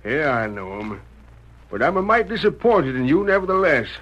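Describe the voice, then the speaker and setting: An actor playing a gruff, wary frontier settler with an ominous rural drawl, in 1940s radio acting. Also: male voice, fairly high pitch, sing-song, normal speed, fairly bright tone, highs cut off.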